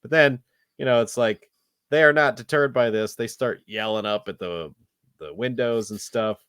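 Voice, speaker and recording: A man's voice: medium pitch, moderate pace, fairly bright tone, clean tone, no room sound, studio quality. A man co-hosting a casual film review podcast, rambling with lots of fillers and restarts. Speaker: podcast co-host.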